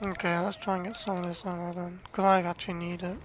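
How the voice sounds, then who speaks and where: A woman's voice: fairly low pitch, flat delivery, quick pace, crowd noise. Chatty woman playing a game. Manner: chatty, rambling, self-deprecating. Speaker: gameplay commentator. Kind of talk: casual game commentary.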